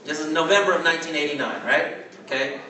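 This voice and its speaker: Bright-voiced man in a booming hall. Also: fast. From California. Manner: chatty, animated, asks "right?" often, laughs as he talks. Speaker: network marketing trainer. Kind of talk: storytelling training talk. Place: large hall with an audience. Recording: very echoey hall, mic far off.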